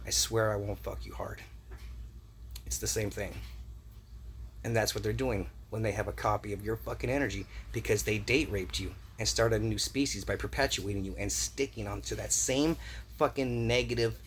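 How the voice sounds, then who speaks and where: A man's voice: lowish voice, moderate pace, a little hiss or hum. A man delivering a rambling conspiracy rant, agitated and profane, repeating himself and throwing in rhetorical "right?" questions. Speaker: vlogger.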